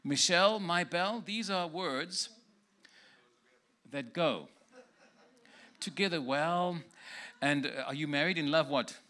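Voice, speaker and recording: A man's voice: fairly high pitch, takes it slowly, pauses often, pushed and bright. A man preaching as a guest in a church, giving prophetic words to people in the congregation one by one and joking with them.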